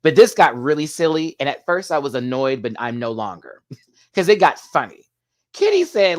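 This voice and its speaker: A man's voice: medium pitch, expressive, normal speed. A man hosting a casual show recap, chatty and gossipy, laughing often as he talks. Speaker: host.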